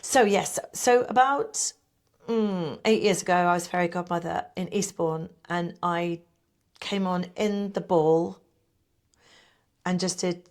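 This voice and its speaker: A woman's voice: fairly low pitch, slow. Chatty middle-aged woman telling stories. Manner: chatty, animated storyteller who acts out quotes. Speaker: pantomime performer and guest. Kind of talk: casual interview chat.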